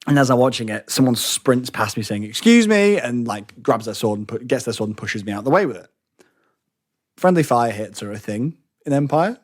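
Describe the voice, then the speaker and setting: A man co-hosting a podcast, telling stories in casual chat, lively and swearing freely. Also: medium pitch, brisk. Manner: animated, swears freely, acts out quotes. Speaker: podcast co-host.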